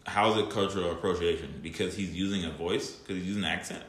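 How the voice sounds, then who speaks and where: A man's voice: sits low, steady tone, fast, fairly bright tone, roomy sound. A man co-hosting a podcast in casual chat, blunt and emphatic, swearing freely. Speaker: podcast co-host.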